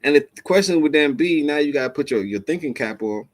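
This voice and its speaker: A man hosting a reaction show, giving animated, slangy advice straight to his male viewers. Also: a little high, a little fast. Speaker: host reacting to a clip. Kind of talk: commentary to camera.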